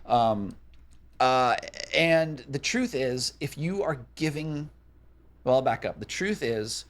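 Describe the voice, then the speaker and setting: A man's voice: medium pitch, lively intonation, slow. A man co-hosting a casual podcast chat, reading out a list and riffing on it with blunt, offhand swearing. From Minnesota. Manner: swears casually, reads list items then riffs. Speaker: podcast co-host.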